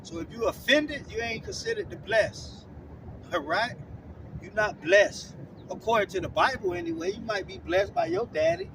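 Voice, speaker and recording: High-voiced scolding street preacher. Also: male voice, big pitch swings, normal speed. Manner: repeats "man" and "all right?" after nearly every phrase; scolding, blunt, profane street talk. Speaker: street preacher teaching scripture. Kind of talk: confrontational online sermon. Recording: distant mic with clear outdoor traffic noise.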